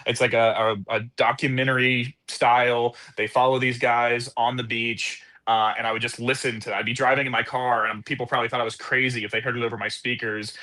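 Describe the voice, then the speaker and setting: A man, an actor guest on a podcast, talking in a relaxed, self-deprecating way and laughing easily. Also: medium pitch, brisk, hardly any pauses. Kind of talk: casual podcast chat.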